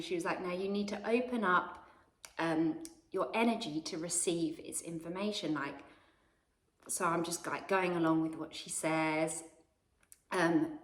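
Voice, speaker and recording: A woman with a British accent telling a personal story in a rambling, confessional way. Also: fairly low pitch. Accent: British English. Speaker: vlogger. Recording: roomy echo.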